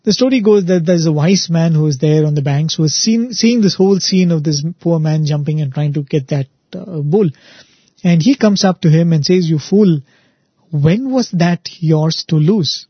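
A man's voice: a little high, moderate pace, slightly rough, no echo, muffled recording. A man giving an earnest spiritual talk, telling a story and often asking "right?" for emphasis. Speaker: spiritual speaker, show host.

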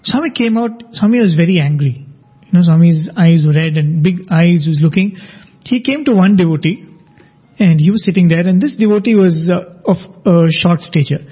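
In a devotional talk, a man with a high, mellow, slightly husky voice shares anecdotes in an unhurried, measured way, laughing as he tells them. It's conversational storytelling, and the audio is dull and lo-fi.

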